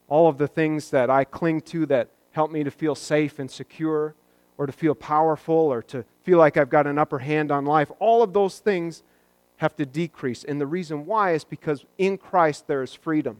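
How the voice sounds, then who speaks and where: Man, pastor, sermon, conversational, joking asides, slightly high voice, dry close sound. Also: moderate pace, no echo.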